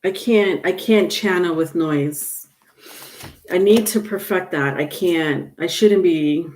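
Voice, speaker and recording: Slow, low-voiced woman reading tarot. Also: darkish tone. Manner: chatty, reads viewer comments aloud. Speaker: tarot reader. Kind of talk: live-stream tarot reading.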